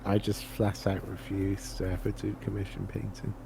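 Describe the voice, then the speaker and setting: A man's voice: on the low side, monotone, normal speed, creaky. A man chatting as a guest on a stream, blunt and joking, often laughing. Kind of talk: casual chat. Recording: faint background noise.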